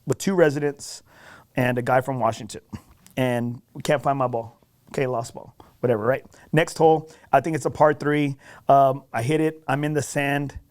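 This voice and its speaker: A man on a podcast telling a golf story in a casual, animated, self-deprecating way, often checking in with "right?". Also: a little high.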